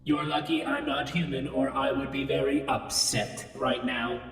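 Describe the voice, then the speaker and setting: Man playing a sulky ship AI, deadpan, slow, high-ish, distant echoey hall. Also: close to an everyday voice. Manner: deadpan, reads out punctuation aloud. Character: sulky male spaceship AI denying feelings. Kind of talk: scripted comedy audio.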